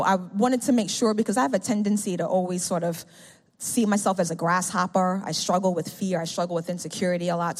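Middle-aged woman preaching in a reverberant hall. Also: medium pitch. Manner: animated storytelling, acts out quoted speech, calls out "amen?". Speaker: speaker giving a testimony to a congregation. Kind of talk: testimony sermon.

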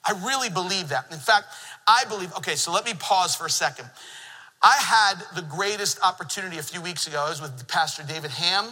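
A middle-aged man preaching a sermon in a church, an animated storyteller who jokes with the congregation. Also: high-pitched, brisk, big-room sound, low-quality recording. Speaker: pastor. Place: church sanctuary.

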